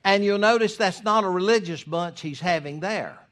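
A man preaches in a homespun, conversational way. His voice sits a little high for a man, and he leans into emphatic lines while acting out remembered exchanges. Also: moderate pace, fairly bright tone. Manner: folksy preaching with quoted dialogue and rising emphasis. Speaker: pastor. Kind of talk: sermon.

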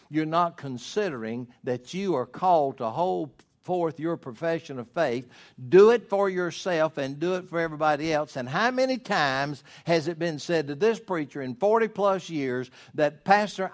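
An older man in his sixties preaches to his congregation in a fairly high voice. His delivery surges into loud, emphatic peaks, then falls away to low, hushed asides. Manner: preaching with swelling emphasis and sudden drops. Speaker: pastor. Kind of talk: sermon.

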